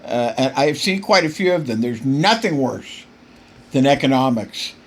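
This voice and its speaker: A man's voice: medium pitch, expressive, normal speed. A man hosting a political podcast, delivering impassioned commentary that keeps getting worked up, with frequent stumbles and repeated words. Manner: emphatic, gets worked up.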